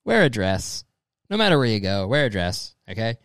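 Profane, animated young man riffing casually. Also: fairly low pitch, normal speed, no room sound. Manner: profane, rambling, says "dude" constantly; mocking, slips into exaggerated quoted voices. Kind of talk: casual comedic commentary reading messages aloud.

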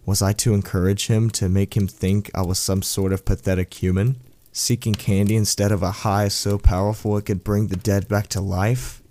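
A man reading a first-person horror story aloud as a storyteller, in a slow, brooding way. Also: lowish voice, level tone, warm tone.

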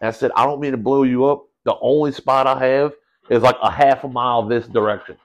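A man telling a story in casual podcast chat, animated and slangy, calling people bro and dude. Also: medium pitch, brisk.

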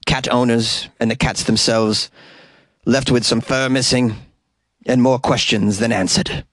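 A man's voice: medium pitch, fairly even intonation, unhurried. A man hosting a comedy news podcast from a small closet studio, reading odd stories and chatting in a loose, rambling, jokey way. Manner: jokey, rambling, puts on silly voices for quotes. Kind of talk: comic news reading and casual chat.

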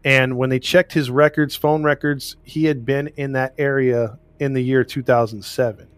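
A man's voice: medium pitch, fairly even intonation, moderate pace, clean tone, no echo. Rambling man in casual chat. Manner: rambling, restarts often, laughs at himself. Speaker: podcast co-host recounting a case.

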